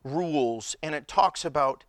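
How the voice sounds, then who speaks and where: A man's voice: a little high, measured pace, no room sound, clean studio sound. A man preaching a humorous sermon, telling stories with frequent laughter and incredulous exclamations. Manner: animated storytelling with frequent laughter. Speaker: pastor.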